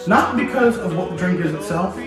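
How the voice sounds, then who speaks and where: Man, lively history storyteller, talks to the listener, echoey room, off-mic, background music. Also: high-pitched, brisk, recorded from a distance. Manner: lively, addresses listener directly, playful. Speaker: history video host.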